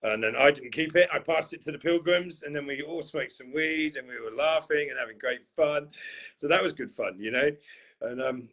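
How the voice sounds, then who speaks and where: A man's voice: a little high, moderate pace, a bit bright. A man on a podcast, telling a long rambling story in a casual way, full of fillers and restarts. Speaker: podcast co-host.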